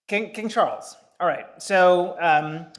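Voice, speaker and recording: A man's voice: sits high, takes it slowly, fairly bright tone, a little hiss or hum. A man in his fifties from the Bahamas giving a public law lecture, telling personal stories in a conversational way with frequent filler sounds and light chuckles. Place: lecture hall.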